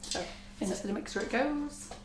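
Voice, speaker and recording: A woman with a husky voice, chatting reassuringly as she gives a live baking demonstration in a kitchen. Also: a little high, expressive, normal speed. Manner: chatty, reassuring, talks while working. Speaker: cake decorating instructor. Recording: echoey kitchen with faint noise.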